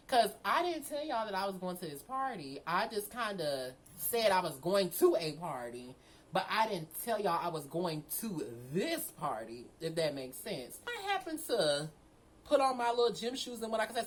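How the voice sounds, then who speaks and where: A woman's voice: medium pitch, low-quality recording. Young woman spilling a storytime, lots of slang n cussing, voice jumps all over. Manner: animated, slangy, swears freely. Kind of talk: casual storytime.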